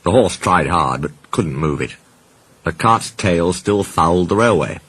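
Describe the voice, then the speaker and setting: A man reading a children's railway story aloud in an expressive storybook style. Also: low-pitched, a little slow, slightly rough.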